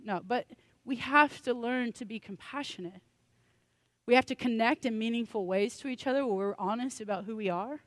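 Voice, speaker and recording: A woman's voice: fairly high pitch, moderate pace, dry recording. A woman pastor preaching a sermon in a conversational, joking way, with self-deprecating asides.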